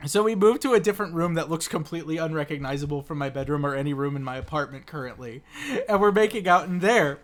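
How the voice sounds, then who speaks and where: A man's voice: fairly high pitch, expressive, fast talker. A young man casually telling a story to friends on a podcast, rambling, stammering and restarting, acting out what people said. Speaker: podcast co-host.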